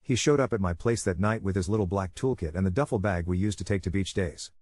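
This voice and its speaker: A man narrating a first-person story in a steady, measured way, his voice sitting a little low. The sound is close and dry, with no room around it. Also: no echo.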